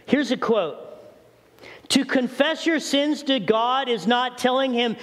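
Male pastor, high tenor, emphatic sermon delivery, echoing sanctuary. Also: takes it slowly, fairly bright tone. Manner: preaching with acted prayers and rising emphasis. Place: church sanctuary.

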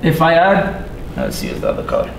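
A man teaching a class, patiently repeating sounds slowly and putting questions to his students. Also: wildly swooping pitch, creaky. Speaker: Arabic teacher. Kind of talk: classroom lesson. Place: mosque classroom. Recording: echoey room with faint rumble.

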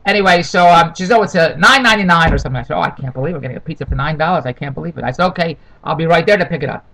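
A man's voice: a little high, racing, creaky, crowd noise, low-quality recording. A middle-aged man rambling through a comic, complaining monologue, repeating himself and wandering off on tangents. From Toronto. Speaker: vlogger.

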